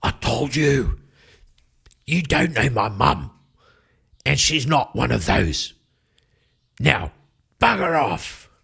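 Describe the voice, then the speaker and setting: A man voicing a gruff, threatening tavern brawler with a gravelly voice. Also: medium pitch, sing-song, takes it slowly, long pauses, sharp tone, exaggerated voice. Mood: menacing.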